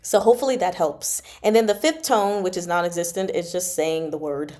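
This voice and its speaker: A woman's voice: fairly low pitch, brisk, darkish tone. A woman hosting a casual livestream lesson, chatty and self-correcting, sounding out Mandarin tones as she explains them. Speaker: livestream host teaching Mandarin.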